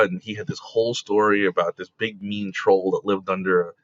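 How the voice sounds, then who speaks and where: A man, a comic book creator, telling stories casually in an interview, full of fillers and quick laughs. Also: sits low, little pitch movement, a bit bright, no room sound. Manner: rambling, with many fillers like "like" and "you know". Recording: dull lo-fi dry recording.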